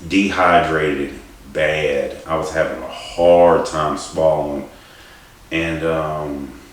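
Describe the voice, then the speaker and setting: A man telling a personal story in a rambling, halting way, swearing and laughing at himself. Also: a bass voice, steady tone. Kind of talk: casual storytelling. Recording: distant mic in a very echoey room.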